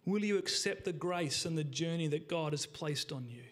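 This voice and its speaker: Male pastor with a high voice, preaching with emphasis, stretching key words and dropping low for effect. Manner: emphatic, with slowed words and drops to a hush; addresses the congregation directly. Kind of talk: sermon.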